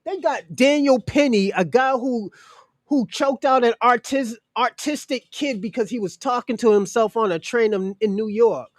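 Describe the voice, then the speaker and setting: A commentary host in his forties, with a very high-pitched voice and normal speed, talks politics casually. Indignant and emphatic, he keeps repeating himself, and the studio sound is clean with no echo.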